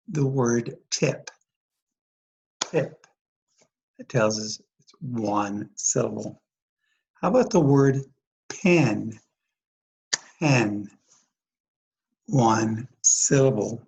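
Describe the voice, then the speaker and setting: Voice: medium pitch, darkish tone, a little hiss or hum, low-quality recording. A teacher giving a recorded phonics lesson, speaking patiently, repeating each word and asking the listener questions. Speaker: dyslexia teacher.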